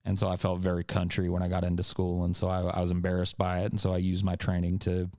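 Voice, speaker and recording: A man's voice: sits low, completely flat delivery, quick pace, dark tone, no echo, studio quality. A man from Central California with a California accent and a faint Southern tinge, hosting a casual podcast Q&A in a blunt, rambling, profane way. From Central California, USA. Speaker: podcast host.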